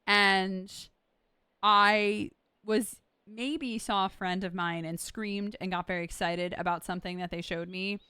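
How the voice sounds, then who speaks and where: A young woman streaming a video game live, chatting casually to her viewers with excitable, loud outbursts. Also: medium pitch, a little slow, clean tone, no echo. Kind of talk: casual live-stream chat while gaming. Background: game music.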